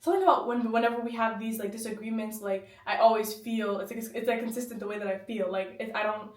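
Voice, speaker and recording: A woman's voice: fairly high pitch, fast talker. A woman with an American accent, co-hosting a casual podcast chat, speaking candidly, laughing and swearing freely. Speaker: podcast co-host. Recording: roomy echo, mic at a distance.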